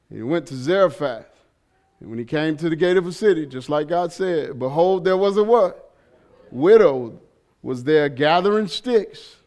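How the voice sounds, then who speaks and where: A man preaching a sermon as pastor in a church. He delivers it with animated shouting, humor and call-and-response questions to the congregation. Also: on the high side.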